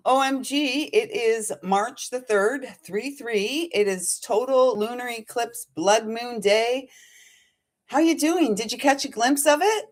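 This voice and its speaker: A middle-aged woman hosting her own spiritual channel, chatting to viewers in a bubbly, giggly way and breaking into bits of song. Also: fairly high pitch. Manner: bubbly and giggly, sings snatches of songs. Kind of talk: casual chat to viewers.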